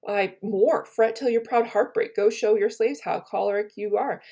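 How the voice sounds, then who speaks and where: A woman reading aloud the part of a stern, high-minded Roman conspirator in a plain, unaccented voice. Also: moderate pace, warm tone, lightly acted. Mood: reproachful. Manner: plain read-aloud of verse, no accent put on.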